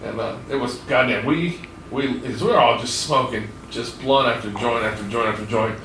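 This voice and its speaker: A man's voice: medium pitch, moderate pace, pushed and bright. A man tells a story in loose, casual podcast talk. He swears freely and laughs as he goes. His voice is a little distant from the mic, with room echo and faint noise behind it. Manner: profane, rambling, laughs while telling stories. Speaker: podcast host.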